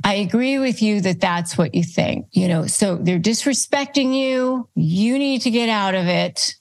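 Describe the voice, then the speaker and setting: A woman hosting an advice show, calmly teaching phrases and acting them out as examples. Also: mid-range voice. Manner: calm, instructive, demonstrates phrases aloud. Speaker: host. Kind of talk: advice talk to camera.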